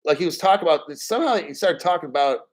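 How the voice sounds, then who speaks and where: A man's voice: on the high side, lively intonation, rapid-fire, poor audio. A man hosting a casual crypto stream, rambling bluntly and swearing freely. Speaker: crypto show host. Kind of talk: casual live-stream rant.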